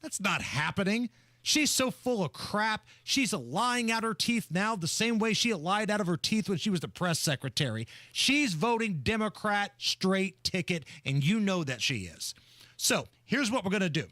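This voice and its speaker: A man's voice: high voice, sing-song, normal speed, no room sound. Radio guy cracking jokes, voice jumping all over, dry studio sound. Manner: loud, mocking, laughs a lot. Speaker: radio co-host. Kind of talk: comedic talk radio banter.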